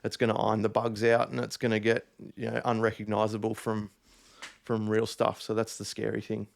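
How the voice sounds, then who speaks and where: A man's voice: fairly low pitch, completely flat delivery, brisk, vocal fry. A man, a DJ guest, chatting loosely and swearing freely in a casual conversation. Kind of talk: casual chat.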